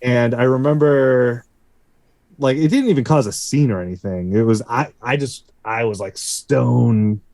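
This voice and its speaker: A man with a mid-pitched voice tells band stories in a casual podcast chat. He is laid-back and swears freely. The sound is close and dry. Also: unhurried, mellow, no room sound. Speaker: co-host, musician.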